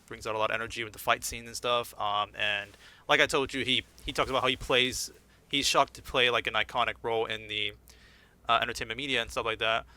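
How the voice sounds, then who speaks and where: Very bright-voiced man on a podcast. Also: mid-range voice, steady tone, fast talker. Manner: laughing often, many restarts. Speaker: podcast host. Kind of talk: casual chat.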